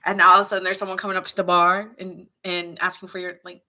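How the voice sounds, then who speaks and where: A woman's voice: fairly low pitch, quick pace. A woman giving a casual, chatty tarot reading to camera, laughing often and filling her talk with "like". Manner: playful, animated asides to the viewer. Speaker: tarot reader.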